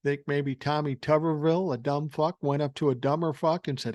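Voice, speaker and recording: A man's voice: on the high side, steady tone, brisk, few pauses, a little mellow, no echo, studio quality. An older man hosting a podcast, ranting through political commentary in a profane, sarcastic and mocking way. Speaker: podcast host.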